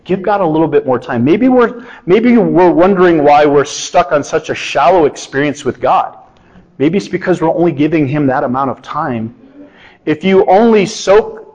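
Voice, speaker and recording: A middle-aged man preaching a sermon in a conversational, animated way with touches of self-deprecating humor. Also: mid-range voice, breathy edge, poor audio. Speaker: pastor.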